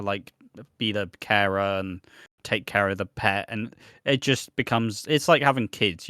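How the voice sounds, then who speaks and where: A man's voice: lowish voice, fairly bright tone, clear, resonant tone, dry recording. Man chatting, dry close sound. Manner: rambling, many restarts, swears casually. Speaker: podcast co-host. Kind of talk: casual chat.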